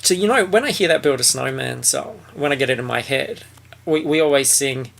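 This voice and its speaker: A woman's voice: very deep voice, fairly quick, creaky. A woman hosting a podcast, chatting casually with crude, jokey banter. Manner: crude jokey banter, puts on mock voices. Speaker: podcast host. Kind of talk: casual comedic book chat.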